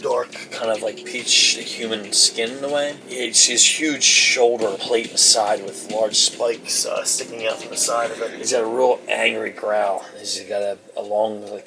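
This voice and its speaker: A man narrating as game master of a tabletop game, describing scenes in a rambling way with many fillers. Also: fairly low pitch. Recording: distant mic with clear background noise.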